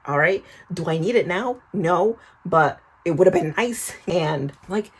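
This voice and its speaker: Husky-voiced young woman telling a storytime. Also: on the low side, measured pace. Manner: chatty, animated storytelling with frequent swearing; addresses the viewer as "girl". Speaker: vlogger. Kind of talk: casual storytime vlog.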